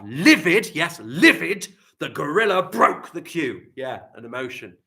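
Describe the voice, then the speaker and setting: A man teaching a live online writing lesson to children, animated and encouraging, with big swings in loudness. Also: mid-range voice, normal speed.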